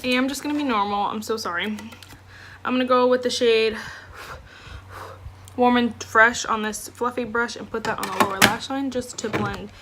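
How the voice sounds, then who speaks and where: A woman's voice: on the high side, steady tone, normal speed, long pauses, a bit bright, slight background noise. A woman beauty vlogger chatting through a makeup tutorial at home, gushing and effusive, with lots of fillers. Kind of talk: casual makeup tutorial chat.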